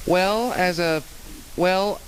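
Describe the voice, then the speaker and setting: A man's voice: high-pitched, extremely slow, slight background noise, low-quality recording. A man, a student actor, chatting casually in an interview, rambling with many restarts.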